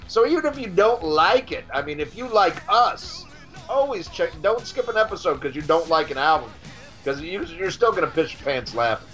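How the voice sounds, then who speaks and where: A man with a somewhat high, sharp, tense voice co-hosts a casual podcast. He talks excitably, stumbling over restarts and swearing freely. Faint music plays behind him. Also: moderate pace. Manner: excitable, stammering restarts, profane. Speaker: podcast co-host. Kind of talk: casual chat.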